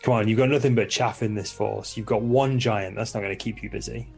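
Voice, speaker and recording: A man's voice: fairly low pitch, fairly even intonation, brisk, gravelly, darkish tone, breathy edge, faint music behind. A man taking part as a player in a tabletop game, eager and talking casually. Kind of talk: casual chat.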